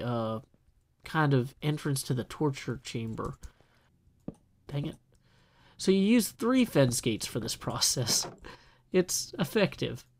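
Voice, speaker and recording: A man casually talking through his building work in a video game, chatty and self-deprecating, with jokey asides. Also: fairly high pitch. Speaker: gameplay video host. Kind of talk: casual solo gameplay commentary.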